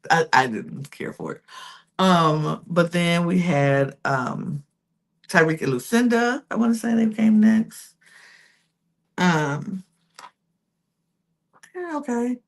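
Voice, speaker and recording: A woman's voice: on the low side, animated, takes it slowly, pauses often. A woman hosting a casual reality TV recap podcast, chatty and full of fillers and self-corrections. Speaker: podcast host.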